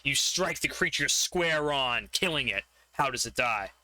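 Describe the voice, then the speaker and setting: A man's voice: medium pitch, expressive, measured pace, sharp tone, no room sound. A man narrating a tabletop game as game master, describing the fight vividly and laughing often.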